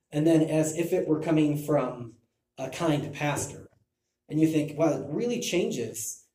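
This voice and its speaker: Male Bible teacher, mellow tone, restarts often, roomy echo. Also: a little high. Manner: thinking aloud with restarts. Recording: echoey room.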